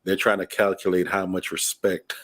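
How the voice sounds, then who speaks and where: A man in casual chat, relaxed and laughing as he talks. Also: low voice, normal speed, dry recording.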